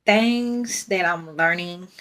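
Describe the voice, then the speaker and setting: A woman's voice: on the low side, slow, fairly bright tone. A young adult woman, hosting a casual faith podcast in a rambling, candid way and laughing often. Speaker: podcast host.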